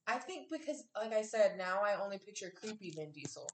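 A woman co-hosting a podcast, talking casually in a low-key, wry way. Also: very animated, brisk. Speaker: podcast co-host. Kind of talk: casual chat. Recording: echoey room.

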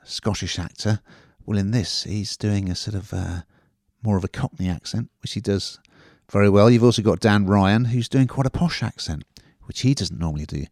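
A man's voice: on the low side, moderate pace, hardly any pauses, darkish tone, no echo, clean studio sound. A man hosting a podcast, reviewing a TV drama in a chatty, rambling way. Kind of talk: casual review chat.

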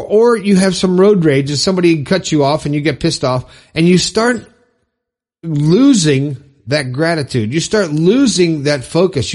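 A man's voice: a little high, darkish tone. A man giving an earnest, rambling motivational talk to listeners, often repeating himself. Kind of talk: motivational monologue.

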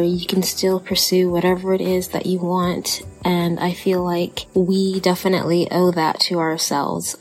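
A woman's voice: lowish voice, low-quality recording. A woman with a Texan accent, talking casually and earnestly on a podcast, encouraging listeners. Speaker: podcast co-host.

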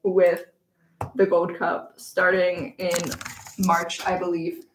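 A young woman co-hosting a podcast in casual chat, making playful quick asides, recorded in a small room. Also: lowish voice, completely flat delivery. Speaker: podcast co-host. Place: small room in a school library. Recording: echoey small room, faint background noise.

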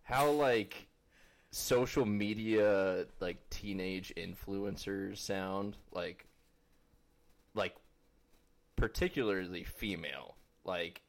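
A man with a lowish voice who talks slowly on a podcast. He rambles and leans on fillers as he works out his point. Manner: slow, rambling, many fillers. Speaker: podcast co-host. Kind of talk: casual chat.

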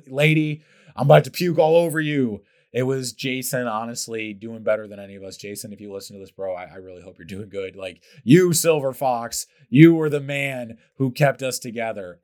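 A young man hosting his own podcast, telling workplace stories in a casual, animated way, with loud profane bursts and quiet asides. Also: lowish voice. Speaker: podcast host. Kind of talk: casual storytelling monologue.

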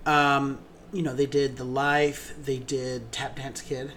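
A man's voice: medium pitch, level tone, slow, a bit bright, slight background noise. A man co-hosting a theater podcast, gushing enthusiastically about shows in casual chat, with many ums.

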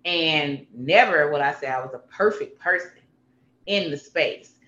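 Candid guest, bright forceful delivery, emphatic repeats; roomy, slightly muffled recording. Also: mid-range voice, unhurried, slight background noise. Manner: emphatic and animated, repeats phrases for punch. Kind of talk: candid personal conversation. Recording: roomy, slightly dull sound.

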